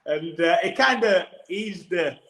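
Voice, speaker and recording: A man's voice: high-pitched, animated, a little slow, gravelly, a bit bright. A man, a rugby player guest, telling a story in casual podcast chat with lots of restarts. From England. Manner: rambling anecdotal storytelling with restarts. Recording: echoey room.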